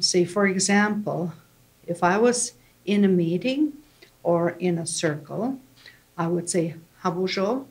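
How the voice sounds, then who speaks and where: Slow, patient woman teaching language. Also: fairly low pitch, poor audio. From Canada. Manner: slow, patient explaining with frequent "okay?" checks. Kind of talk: language lesson.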